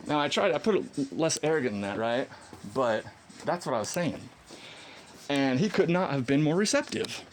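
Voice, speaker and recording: A man telling a story in a casual monologue, animated and defiant, acting out quoted dialogue in a higher voice and laughing often. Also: normal speed, slight background noise. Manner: defiant, combative. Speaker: vlogger.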